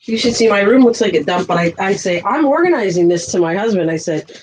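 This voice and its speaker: A woman's voice: mid-range voice, quick pace, darkish tone, a little hiss or hum, rough recording. Chatty older woman crafting live. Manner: chatty and rambling, talks to viewers in the chat; sweet greetings to viewers in a lifted voice. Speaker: crafting livestream host. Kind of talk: casual livestream chat.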